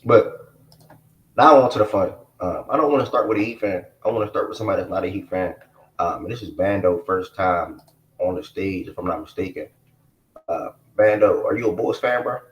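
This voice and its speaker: A man's voice: low-pitched, brisk, echoey room, highs cut off. A man hosting a casual live sports chat stream, talking in a laid-back way full of slang. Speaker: host.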